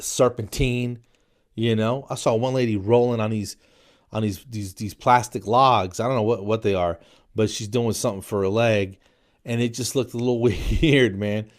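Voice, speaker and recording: A New Jersey man in his forties hosts a podcast, riffing through a jokey comedic monologue sprinkled with "man" and "dude." His voice is lowish and darkish, at a normal speed.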